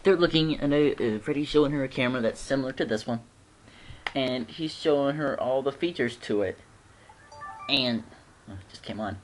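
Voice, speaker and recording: A man's voice: medium pitch, normal speed, a little hiss or hum. A man giving a casual, rambling episode recap, chatty and laughing often. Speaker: TV episode reviewer.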